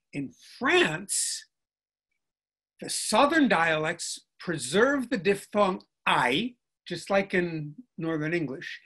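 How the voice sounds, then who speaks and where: Older professor lecturing over a video call. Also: male voice, high voice, bright, forceful tone, husky. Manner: professorial, explains step by step, checks in with "okay?". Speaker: linguistics professor, guest speaker. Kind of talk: lecturing in a virtual conversation.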